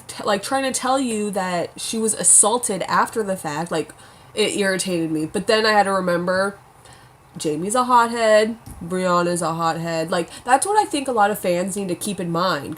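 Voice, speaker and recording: A woman's voice: medium pitch, a little slow. A young woman chatting casually at home, reviewing a TV episode, saying "like" a lot and swearing now and then. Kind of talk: casual chat.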